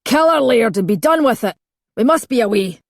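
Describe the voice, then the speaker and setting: A woman voicing a rough, hostile male cattle thief who hisses and barks orders. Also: medium pitch, expressive, a little slow, dry recording, studio quality. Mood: urgent. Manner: hissing, barking orders.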